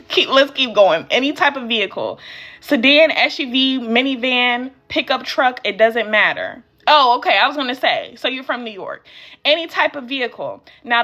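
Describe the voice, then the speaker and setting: A woman's voice: on the high side, bright, forceful tone. An American woman teaching a casual live-stream session as a courier business coach. She talks straight to her viewers and answers their comments as she goes. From United States. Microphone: phone live stream.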